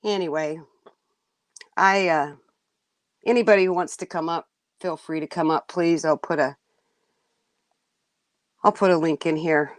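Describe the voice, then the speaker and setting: A woman's voice: low voice, steady tone, unhurried, pauses often, no echo. A woman hosting a livestream, venting bluntly and indignantly to her chat, cursing now and then. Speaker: livestream host.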